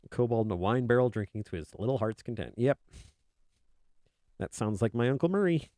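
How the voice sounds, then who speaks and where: Man, casual stream chat, joking, rambling, lively up-and-down delivery. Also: mid-range voice, fairly quick, dry recording, clean studio sound. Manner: rambling, joking, speaks as a kobold in his own voice. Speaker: art streamer. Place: indoors at a desk.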